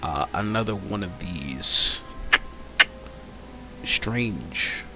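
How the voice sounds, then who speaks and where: A man narrating as game master of a tabletop role-playing session, pausing often with fillers as he describes the scene. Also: deep voice, expressive, bright, forceful tone, soft background music. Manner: hesitant, lots of fillers.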